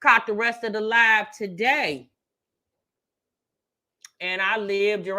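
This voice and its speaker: A woman's voice: medium pitch, steady tone, slow pace, long pauses, sharp tone. A woman hosting a casual livestream commentary, sassy, calling listeners baby and honey while greeting the chat.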